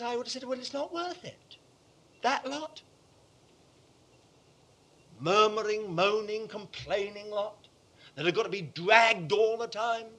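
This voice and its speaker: A man delivers a sermon in a high, bright voice that rises and falls across a wide range. His tone is slightly husky, and he moves from near-whispers to loud, forceful declarations. He drives his points home by repeating them. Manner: impassioned, swings from hushed to forceful; emphatic repetition. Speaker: preacher.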